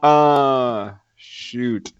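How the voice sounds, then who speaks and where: A man's voice: medium pitch, drawn-out words, smooth, dry recording, dull audio. A man co-hosting a casual movie podcast, laid-back and full of "like" fillers. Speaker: podcast co-host.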